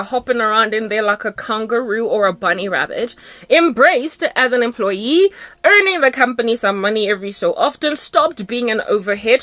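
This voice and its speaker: A woman with a South African accent delivering an emphatic, sarcastic ranting monologue as a ministry vlogger, swinging between loud bursts and low asides. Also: dry recording.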